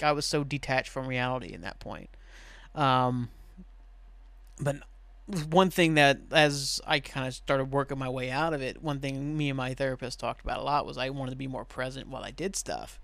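A man's voice: medium pitch, fairly bright tone, clean tone, no room sound. Chatty man on a dry podcast mic. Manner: rambling, laughs often, swears. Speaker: podcast host. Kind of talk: casual solo podcast chat.

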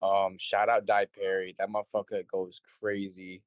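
On a casual podcast, a young show promoter rambles through stories as the interview guest, swearing freely and performing other people's quotes. He speaks in a low, monotone voice at a moderate pace, with no room sound.

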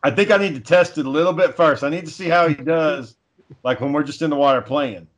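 A man's voice: on the high side, quick pace. A man in casual chat, telling stories in a laid-back way, swearing often and chuckling.

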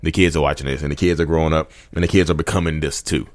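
Man, 30s, very deep voice, quick delivery, fervent rambling rant, podcast host. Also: steady tone. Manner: rambling, repetitive, fervent, addresses listeners as y'all. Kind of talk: impassioned motivational rant.

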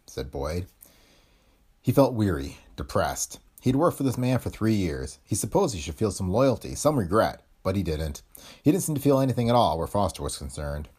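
A man narrating a pulp detective story in an expressive, dramatic storytelling manner. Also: low-pitched, moderate pace, breathy edge.

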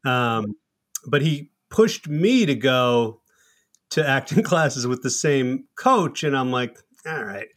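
A man telling salty, animated stories about his comedy troupe in a casual podcast chat. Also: mid-range voice, slow. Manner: profane, animated anecdotal storytelling. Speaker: comedy troupe member, co-host.

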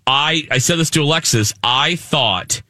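A man's voice: a little high, unhurried, sharp tone. A man hosting a morning radio show, chatting casually and playfully with his co-hosts.

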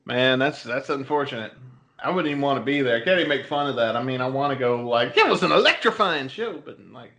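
A man's voice: mid-range voice, steady tone, fast talker, fairly bright tone. A man co-hosting a casual comedy podcast, joking and swearing freely. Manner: profane, joking, slips into a put-on Boston voice for stories. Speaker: podcast co-host.

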